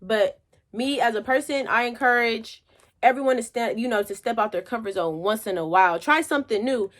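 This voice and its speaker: A woman's voice: fairly high pitch, brisk. Chatty young woman telling a story. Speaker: vlogger. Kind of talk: motivational story time.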